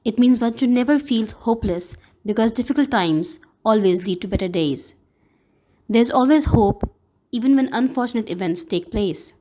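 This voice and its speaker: Woman teacher, pakistani english accent, slightly high voice, slow careful lesson talk for kids. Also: animated, mellow. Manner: slow, careful teacher's delivery spelling out pronunciations. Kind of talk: recorded classroom lesson.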